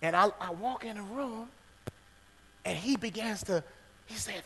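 A man preaching a sermon to his congregation, swinging between loud preaching and hushed near-whispers and calling out "guess what" again and again. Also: high-pitched, normal speed, big-room sound, slight background noise, poor audio. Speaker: pastor. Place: church sanctuary.

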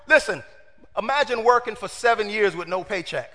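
A man preaching a sermon in an animated way, asking his congregation questions and acting out the quotes. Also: high voice, fairly quick, long reverb tail.

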